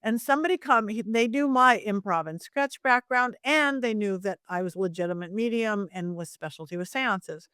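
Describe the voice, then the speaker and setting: Animated storytelling woman, clear voice. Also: medium pitch, moderate pace, few pauses, no echo, clean studio sound. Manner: animated, acts out voices in her anecdotes. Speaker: psychic medium guest. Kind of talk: lively storytelling interview.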